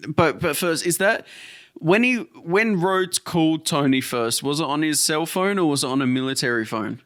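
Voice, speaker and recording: A man with a smooth, resonant voice talks through a film scene in loose, rambling podcast chat, often laughing and restarting his sentences. The sound is dry and close, with no room around it. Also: on the high side, expressive, moderate pace, fairly bright tone, no echo. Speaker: podcast co-host. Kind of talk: casual chat recapping a film.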